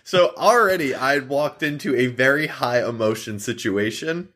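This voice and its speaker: Rambling through workplace anecdotes on a podcast he co-hosts, a young man acts out bits of dialogue and uses frequent fillers. He sounds expressive and a bit bright, with a mid-range voice at a moderate pace.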